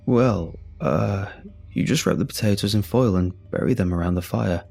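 A man voicing a calm, kindly older father who speaks softly and reassuringly. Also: fairly low pitch, moderate pace, gravelly, husky, soft background music. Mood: gentle.

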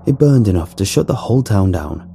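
A casual stoner sewer worker who teases the new guy, as a storyteller puts him on. His voice is gravelly and dark, with a lively swing in pitch. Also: a little fast, a little hiss or hum. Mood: teasing.

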